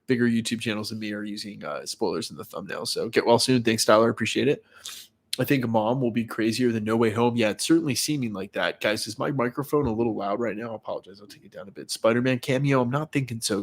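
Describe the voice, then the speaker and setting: A stuffy, congested man with a lowish voice hosts a relaxed live chat. He reads out viewer names and answers questions casually, filling pauses with plenty of "uh" and "um.". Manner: chatty, greets viewers by name, many fillers. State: congested with a cold. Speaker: livestream host.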